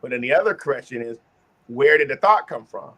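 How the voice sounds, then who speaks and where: A man's voice: medium pitch, lively intonation, a little fast, pushed and bright. Earnest man hosting a discussion. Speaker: host. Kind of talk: casual group discussion, teaching.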